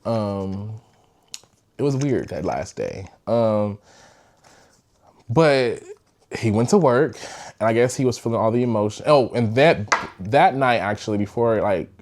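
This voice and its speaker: A man's voice: fairly low pitch, animated, measured pace, long pauses, darkish tone. Young man telling a candid storytime. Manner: candid, rambling, swears freely. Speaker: podcast host. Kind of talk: casual storytime.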